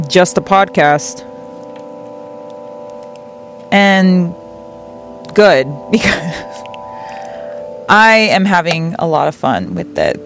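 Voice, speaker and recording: A woman hosting a tarot reading show, giving earnest, gentle spiritual advice and repeating words for emphasis. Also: fairly low pitch. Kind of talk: reflective spiritual advice talk.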